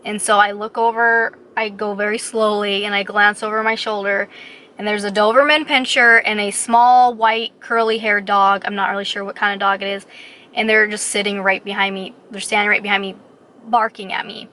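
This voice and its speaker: Bright animated woman vlogger. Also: mid-range voice, normal speed. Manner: animated, retells scenes with quoted voices. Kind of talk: casual storytelling to camera.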